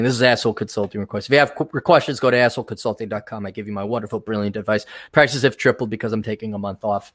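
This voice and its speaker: A man's voice: on the low side, very fast, few pauses, a bit bright. A man hosting a podcast, ranting in an exasperated, sarcastic and profane way. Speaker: podcast host. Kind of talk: ranting monologue.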